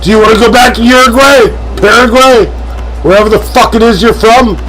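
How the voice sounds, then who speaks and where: A man streaming a strategy game live, ranting, swearing and yelling at an in-game character. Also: extremely high pitch, a little fast, over music, rough recording. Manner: yells and swears at an in-game advisor; hotheaded, profane, joking rants.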